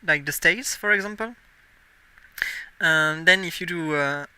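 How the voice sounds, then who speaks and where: A man's voice: a little high, unhurried, pushed and bright, slight background noise. A young man in his twenties with a French accent, a native French speaker chatting casually on a live game stream, musing aloud and correcting himself as he plays. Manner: musing aloud while playing, self-correcting.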